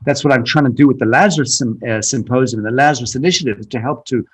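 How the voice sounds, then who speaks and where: A podcast guest answers bluntly and emphatically in a candid conversational interview, sometimes with profanity. His mid-range voice is slightly rough and races along, and he often restarts phrases and repeats words.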